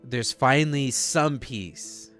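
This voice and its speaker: A man's voice: mid-range voice, slow pace, fairly bright tone, faint music behind. A man narrating as game master of a tabletop game, laughing with his players.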